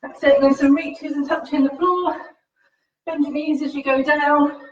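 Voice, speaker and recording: Leading a home workout class over a live stream that includes a faith reflection, this instructor stays upbeat and encouraging, a bit breathless from exercising as she talks. She speaks in a high, flat voice at a moderate pace, and the livestream sound is roomy, distant and dull.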